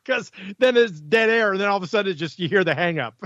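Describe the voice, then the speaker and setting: Male talk radio host, chatty, laughs often, high voice, dry booth sound. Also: expressive, fast talker, a bit bright, no echo, highs cut off. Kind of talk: casual call-in chat.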